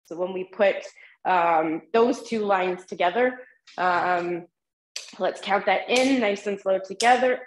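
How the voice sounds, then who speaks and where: A woman's voice: mid-range voice, slow, roomy sound, a little hiss or hum, low-quality recording. A woman teaching tenor drumming in an online group lesson, patiently counting the rhythms aloud with frequent ums. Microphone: video call microphone.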